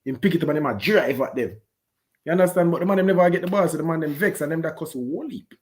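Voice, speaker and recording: A man with a Jamaican accent giving an animated, patois-heavy post-match reaction on a football game. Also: fairly high pitch, fast talker. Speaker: football fan pundit.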